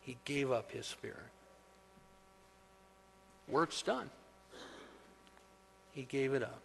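A man preaching a sermon, building to loud, emphatic peaks and then dropping to soft, slow phrases. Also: mid-range voice, lively intonation, gravelly, a little hiss or hum. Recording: long hall reverb.

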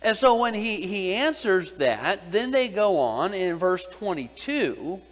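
A man with a high voice preaches a Bible lesson at a slow, deliberate pace. He poses questions to his listeners and repeats the key phrases. His voice rings with the long reverb of a large hall. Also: very animated. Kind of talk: Bible teaching sermon.

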